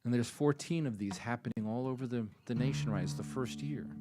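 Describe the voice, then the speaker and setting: A man talking from a small coffee-house stage in a folksy storytelling way, repeating phrases for emphasis and swinging between hushed and loud. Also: medium pitch, brisk, loud music behind the voice. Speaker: musician speaking from the stage. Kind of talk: folksy stage talk with a told joke.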